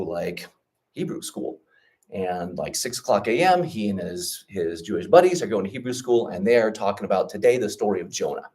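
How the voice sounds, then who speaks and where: Animated man telling stories in a lesson. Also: on the low side, far from the mic. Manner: animated, checks in often with 'okay?' and 'right?'. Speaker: trip leader and teacher. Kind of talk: orientation talk with storytelling.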